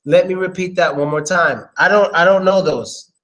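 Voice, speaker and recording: A man giving a casual, informal pronunciation lesson, slowly repeating words and swearing now and then. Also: high-pitched, a bit bright. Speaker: English pronunciation teacher. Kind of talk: casual live-stream lesson.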